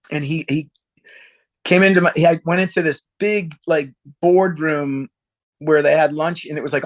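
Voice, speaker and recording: A man, a musician guest, telling a story in a casual interview, rambling and halting with laughs and acted-out quotes. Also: a little high, fairly bright tone.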